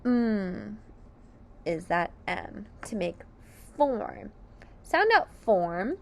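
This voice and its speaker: A woman teaching phonics to young children, sounding out each word slowly and clearly, syllable by syllable. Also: medium pitch, big pitch swings. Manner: slow and over-enunciated, sounding out syllables. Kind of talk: slow, deliberate phonics lesson for children.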